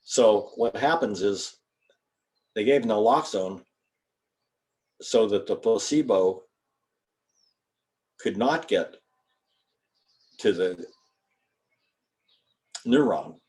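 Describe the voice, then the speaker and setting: A man's voice: fairly low pitch, animated, drawn-out words, long pauses, darkish tone. An older man, a chiropractor, giving an informal lecture to students in a folksy, rambling way and spelling out terms. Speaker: guest speaker, chiropractor.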